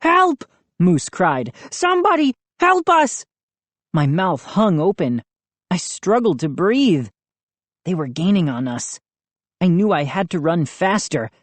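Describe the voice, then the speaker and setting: A woman reading a first-person children's novel as an audiobook narrator, measured and expressive. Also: lowish voice, no room sound.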